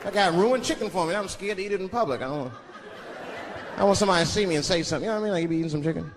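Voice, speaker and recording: A man performing a stand-up comedy set, telling stories and shouting out the voices of other people. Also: sits high, very fast, noisy background. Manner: animated storytelling, shouting impressions of others. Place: large live venue with audience. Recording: reverberant live hall recording with crowd laughter. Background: audience laughter.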